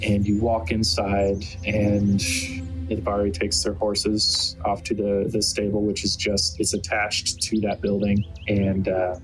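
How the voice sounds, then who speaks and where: A man's voice: lowish voice, completely flat delivery, takes it slowly, soft background music, poor audio. A man narrating a tabletop game as game master, rambling with many fillers.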